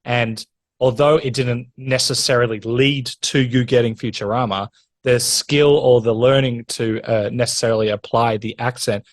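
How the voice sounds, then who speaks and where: A man's voice: mid-range voice, steady tone, moderate pace, no echo. A man hosting a podcast interview, eager and rambling in his questions, often laughing. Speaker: podcast host. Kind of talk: interview chat.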